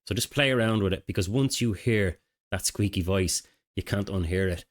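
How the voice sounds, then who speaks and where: A man's voice: low-pitched, moderate pace. A middle-aged man, a mindset coach, giving a casual, conversational self-help talk to camera. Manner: casual, conversational, with filler phrases and restarts.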